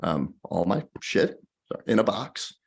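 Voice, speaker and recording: A deep-voiced man with a gravelly, husky edge recounts his story as a podcast guest. He talks in a lively, animated way and acts out the people he quotes. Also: takes it slowly. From Colorado. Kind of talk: storytelling in conversation.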